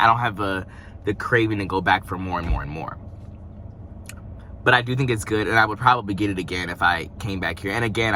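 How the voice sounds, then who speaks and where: Chatty young man with a bright voice. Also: sits low, slight background noise. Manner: chatty, rambling, playful asides. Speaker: vlogger. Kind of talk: casual mukbang food review. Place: parked car.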